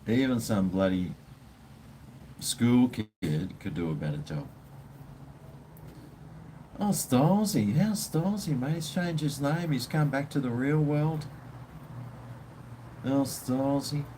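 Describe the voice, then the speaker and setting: A man's voice: mid-range voice, animated, slow pace, pauses often, dark tone, slight background noise. A man with an Australian accent, ranting bluntly and swearing as he chats casually with viewers on his livestream. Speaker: live stream host.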